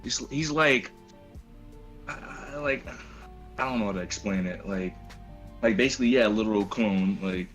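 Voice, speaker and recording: A man's voice: lowish voice, moderate pace, pauses often, fairly bright tone, faint music behind. A man joining a stream as a call-in guest, hesitant and searching for words, with many fillers. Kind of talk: casual call-in chat.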